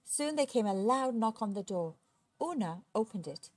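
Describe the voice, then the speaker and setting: A woman reading a children's storybook aloud, expressive and steady. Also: a little high, moderate pace, no echo. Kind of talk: children's book read aloud.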